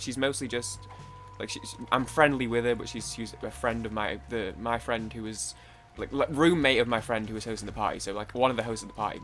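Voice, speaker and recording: A man's voice: medium pitch, fairly bright tone. A young British man rambling chattily through casual let's-play commentary, full of fillers and swearing. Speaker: gaming YouTuber.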